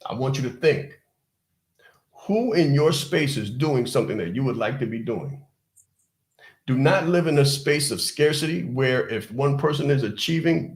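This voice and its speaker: A man's voice: medium pitch, echoey room. Emphatic man telling a motivational story. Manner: emphatic and repetitive, addresses listeners directly. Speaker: podcast host.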